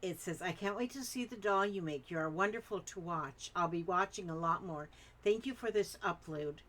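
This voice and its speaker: An older woman hosting her craft channel, reading viewer comments aloud and chatting in rambling asides. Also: on the low side.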